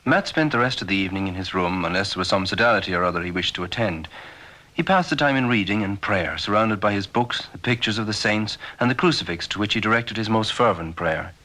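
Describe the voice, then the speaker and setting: A man narrating a documentary in a measured, formal scripted style. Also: fairly low pitch, expressive, bright, forceful tone, rough recording.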